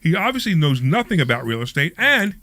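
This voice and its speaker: Fast, bright-voiced male radio host. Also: fairly high pitch, dry recording. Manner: animated storyteller, acts out quoted voices. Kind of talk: casual talk radio chat.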